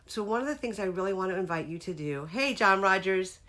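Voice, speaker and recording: A woman's voice: mid-range voice, animated, quick pace. A middle-aged woman hosting a casual live-streamed talk about feelings, speaking earnestly and breaking off to greet viewers by name. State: tearful near the end.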